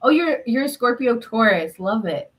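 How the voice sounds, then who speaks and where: A woman's voice: a little high, big pitch swings, normal speed, rough recording. A woman hosting a live tarot reading stream, chatting casually and answering viewer comments with frequent laughs.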